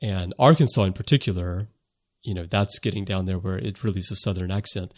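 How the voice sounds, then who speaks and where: A low-pitched man from the American South, chatting on a podcast. He talks in a thoughtful, rambling way and often restarts his sentences. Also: brisk. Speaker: podcast co-host. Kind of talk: casual podcast discussion.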